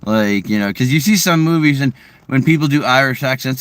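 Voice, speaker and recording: A man's voice: mid-range voice, expressive, normal speed, a bit bright, no room sound. A young man with a Boston-area New England accent chats loosely with viewers from his car, rambling with lots of fillers and restarts. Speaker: streamer chatting with viewers. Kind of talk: casual live chat.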